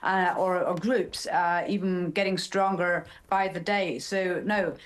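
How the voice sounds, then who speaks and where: German-accented woman, halting and repetitive. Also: on the low side, steady tone. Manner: halting, repeats words, many fillers. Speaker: interviewed politician. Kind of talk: remote news interview.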